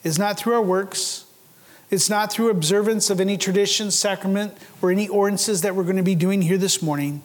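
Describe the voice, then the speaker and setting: A man with a high voice preaches a sermon, pressing his congregation with earnest rhetorical questions. His words ring through a church sanctuary, and a long hall reverb trails each phrase. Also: fairly even intonation, fairly quick. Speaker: pastor.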